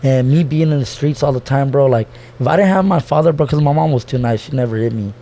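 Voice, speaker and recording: In a casual but heartfelt podcast chat, a young guest speaks loosely and emotionally about his family. He swears, restarts his sentences, and says "bro" all the time. His voice is mid-range and dark in tone, and he talks fast.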